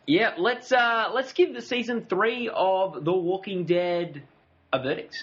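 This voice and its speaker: A man co-hosting a casual TV review chat, making quick jokey asides. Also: sits high, a bit bright. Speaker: podcast co-host. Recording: dull lo-fi audio.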